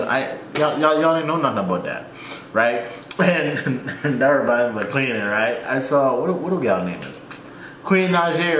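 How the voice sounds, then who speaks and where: A Jamaican man hosts a reaction video with a fairly high voice that swoops and leaps as he rants. His delivery is loud and exclamatory. The sound is roomy and echoey. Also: slight background noise. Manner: ranting, exclamatory, jumps in pitch. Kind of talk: animated reaction commentary. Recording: echoey room.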